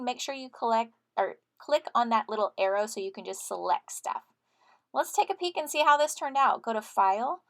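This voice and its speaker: Woman teacher, slightly high voice, friendly step-by-step tutorial narration for students. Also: fairly bright tone. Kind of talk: screen-recorded software tutorial.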